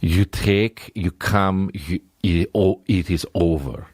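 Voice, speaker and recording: Guy doing a low gruff russian dude, blunt broken english, dry sound. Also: slow pace, a little mellow, no room sound.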